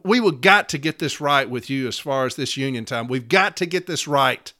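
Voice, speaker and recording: A man's voice: mid-range voice, lively intonation, normal speed, hardly any pauses, pushed and bright. A man giving a fervent, profane speech to fellow union members, telling his own story and pleading with them. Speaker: union speaker.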